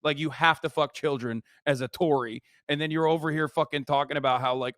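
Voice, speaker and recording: A man's voice: a little high, steady tone, a little fast, hardly any pauses, a bit bright, no room sound, studio quality. A man streaming his reaction to a video, ranting animatedly and sarcastically with lots of swearing. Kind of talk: casual profane commentary.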